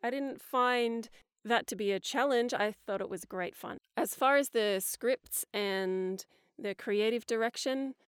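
A woman's voice: on the high side, measured pace, clean tone, dry recording, studio quality. A woman voice actor answering interview questions in an upbeat, articulate way; she is not American. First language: non-American English speaker. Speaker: voice actor guest.

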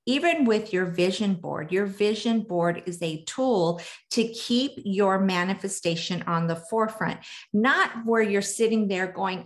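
A woman talking through manifestation and moon phases in a casual teaching monologue, gentle and earnest. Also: mid-range voice, unhurried. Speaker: spiritual manifestation coach.

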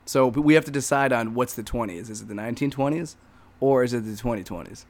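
A man co-hosting a podcast, his voice sitting at a middling pitch. He jokes around, then launches into animated rants in a loose, casual way. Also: fast talker. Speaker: podcast co-host.

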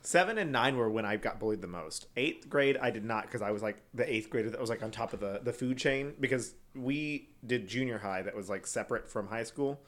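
A man's voice: mid-range voice, brisk, few pauses, fairly bright tone. Giggly, rambling young gay man. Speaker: podcast co-host. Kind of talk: casual chat. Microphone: headset.

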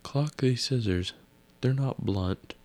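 A man's voice: medium pitch, slow pace, darkish tone, voice pushed up, natural voice. A man voicing a cocky, scornful grown man who fires back at a crowd.

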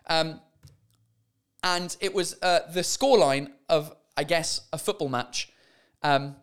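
A man's voice: a little high, fairly bright tone. Chatty, sweary man hosting a comedy podcast. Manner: chatty and sweary, laughing at mistranslations. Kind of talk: casual comic monologue.

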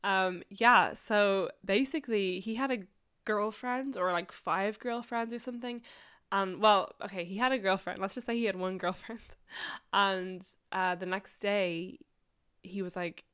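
A woman's voice: mid-range voice, a little slow, fairly bright tone, smooth. Young woman, podcast host, casual storytelling, swears and laughs a lot. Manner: chatty, swearing, laughs often, many likes and asides.

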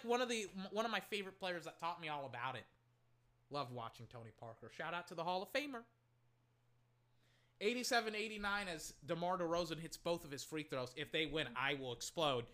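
A fan doing casual play-by-play commentary on his own microphone, excitable and quick to rant and swear at players and referees. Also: mid-range voice.

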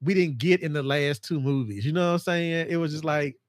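A man hosting a casual podcast chat about horror films, excitable and jumping into high voices to act out scenes. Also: a little fast, no room sound, clean studio sound. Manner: animated, acts out scenes in a high mocking voice. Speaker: podcast host.

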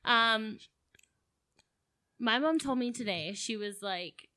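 A woman's voice: on the high side, slow, pushed and bright, no room sound. A young woman co-hosting a podcast, talking earnestly and emotionally in casual chat, with lots of "like.". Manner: earnest, emotional, heavy use of "like". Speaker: podcast co-host.

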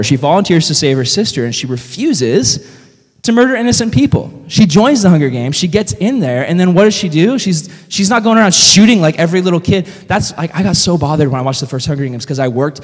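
A man's voice: on the high side, fast. Young male youth pastor in a reverberant hall. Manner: animated storytelling, heavy use of "like". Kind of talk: casual youth sermon.

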